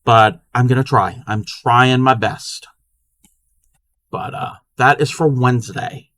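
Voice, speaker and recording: Man, casual crochet live-stream chat, bright voice, dry close sound. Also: mid-range voice, takes it slowly, dry recording. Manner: chatty, counts stitches under his breath.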